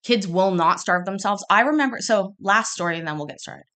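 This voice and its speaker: A woman in her thirties telling a personal story in a casual, rambling way, restarting often and acting out quoted lines loudly. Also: mid-range voice, brisk. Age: 30s. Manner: chatty and rambling, with many restarts; acts out quoted lines with sudden bursts of loudness. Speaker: podcast host.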